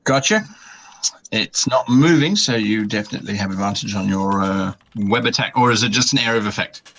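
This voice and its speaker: A man narrating as game master, describing scenes in a bright, forward voice. He talks through the action with small hesitations and restarts. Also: lowish voice, fairly quick, a little hiss or hum.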